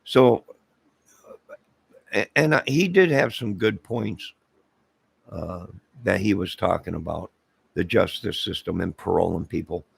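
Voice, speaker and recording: Man, very gravelly husky voice, rambling casual commentary, dry close sound. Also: sits low, measured pace, long pauses, no room sound. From Illinois. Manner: rambling, with fillers and asides. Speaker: channel host.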